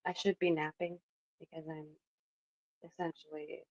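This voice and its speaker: A woman's voice: deep voice, level tone, normal speed, a little mellow, no echo, muffled recording. A woman in her thirties hosting a casual livestream from her home kitchen, chatting in a rambling way and reading the chat aloud. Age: 30s. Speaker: livestream host. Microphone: phone.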